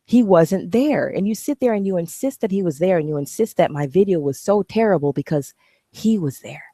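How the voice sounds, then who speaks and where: A woman's voice: low-pitched, dark tone, dry recording, clean studio sound. A woman vlogging to camera, talking bluntly and animatedly, swearing freely. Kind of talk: casual talking-head vlog.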